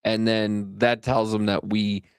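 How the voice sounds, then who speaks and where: A man's voice: on the low side, flat delivery, unhurried, clean tone, dry recording, studio quality. A man co-hosting a podcast, telling a rambling story in casual chat and swearing often. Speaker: podcast co-host.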